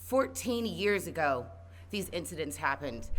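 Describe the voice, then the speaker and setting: A woman's voice: low voice, animated, measured pace, bright, forceful tone. A woman giving an earnest personal speech at an outdoor protest rally, building to impassioned calls. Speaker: protest speaker.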